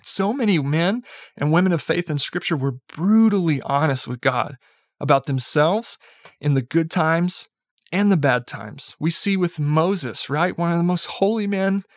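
A man's voice: fairly high pitch, animated, unhurried, dry recording, studio quality. Young man preaching in a chatty way. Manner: conversational, peppered with "like" and "right?"; chuckles lightly while speaking. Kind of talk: casual sermon talk.

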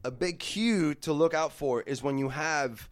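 Man, 30s, slightly high voice, cussing storyteller acting out quotes, podcast co-host. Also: a little slow. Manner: animated, profane, acts out quotes. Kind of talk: casual storytelling chat.

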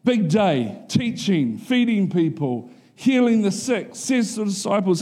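This middle-aged pastor speaks unhurriedly with hardly any pauses during a casual, chatty sermon. He often asks the congregation whether they follow him and slips into a higher, animated voice to act out quotes.

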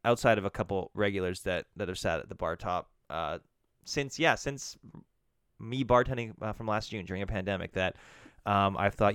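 A man, a bartender and podcast co-host, telling a profane, animated story with frequent restarts. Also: fairly low pitch, normal speed, clear, resonant tone, no echo, clean studio sound. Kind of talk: casual chat.

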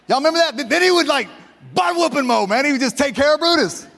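A man's voice: very high voice, sing-song, racing, creaky, a bit bright, in a large hall. A male pastor preaching a fervent, conversational sermon straight to his congregation.

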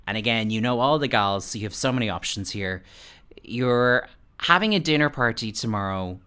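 A man's voice: medium pitch, animated, normal speed, sharp tone, smooth. A man hosting a podcast, chatting in a bubbly, gossipy way and acting out quotes with a laugh. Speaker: podcast host. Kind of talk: casual chat, interviewing.

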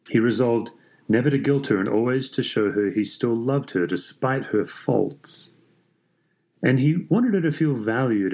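A man reading a story aloud in a measured, even way. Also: lowish voice. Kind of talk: scripted story narration.

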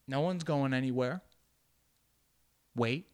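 A man talking to camera in a loose, rambling monologue, poking fun at himself and repeating words as he goes. His voice sits at an ordinary middle pitch, and he slips between English and Spanish. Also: moderate pace, fairly bright tone, clear, resonant tone. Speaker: vlogger.

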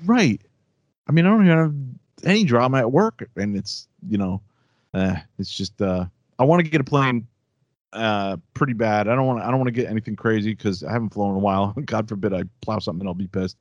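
A man's voice: fairly low pitch, expressive, brisk, no echo, lo-fi sound. A man hosting a casual podcast chat, telling a long story in a rambling way, full of restarts, and getting heated as he goes. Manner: rambling, with many restarts and fillers. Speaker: podcast host.

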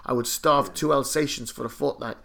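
A man imitating a middle-aged male chef with a put-on Turkish accent that slips toward Afrikaans, making flat, stubborn threats. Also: medium pitch, fairly quick, creaky. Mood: insistent.

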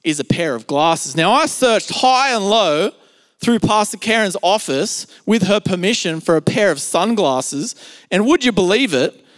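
A man's voice: sits high, lively intonation, measured pace, long reverb tail. A man with an Australian accent preaching a sermon in a conversational, storytelling way, full of filler words. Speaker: pastor. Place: church service, streamed.

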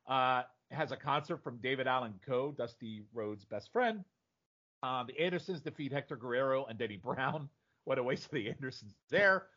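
A man's voice: medium pitch, expressive, normal speed, pushed and bright. A man hosting a casual podcast chat, talking bluntly and swearing freely. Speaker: podcast host. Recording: dull lo-fi audio.

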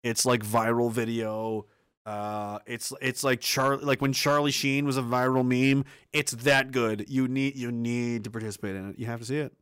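A man's voice: mid-range voice, flat delivery, moderate pace, a bit bright, clean tone, no echo, studio quality. A man from Canada hosting a ranting commentary show, sarcastic and heavily profane, reading comments and reacting to headlines. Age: adult, ex-soldier. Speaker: commentary host.

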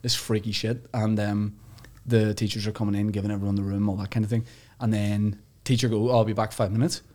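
A man in his thirties, a guest comedian from Ireland, telling animated anecdotes in a casual podcast chat, swearing freely. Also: fairly low pitch, fast, hardly any pauses. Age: 30s. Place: podcast studio.

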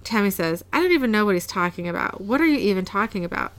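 A woman's voice: medium pitch, lively intonation, fast. A woman casually recapping a TV episode, narrating scenes and quoting characters' lines, often laughing. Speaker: podcast co-host recapping an episode. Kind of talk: casual chat, reading scenes aloud.

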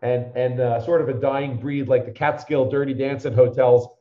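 A man's voice: medium pitch, fairly even intonation, normal speed, echoey room, dull audio. Rambling storyteller man in his fifties. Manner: rambling anecdotes, acts out the people he quotes. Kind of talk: conversational storytelling.

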